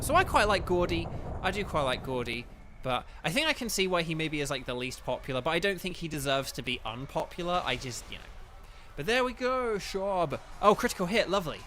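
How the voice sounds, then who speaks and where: A man commentating his own gameplay live, excitable and chatty, often exclaiming and speaking to chat. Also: on the high side, a little hiss or hum. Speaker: gaming video host.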